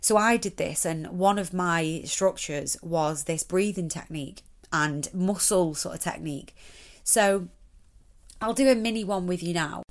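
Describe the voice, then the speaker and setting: A young woman chatting casually and rambling, then talking listeners through a relaxation exercise. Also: fairly low pitch. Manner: chatty, rambling, many fillers. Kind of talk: casual chat and guided relaxation.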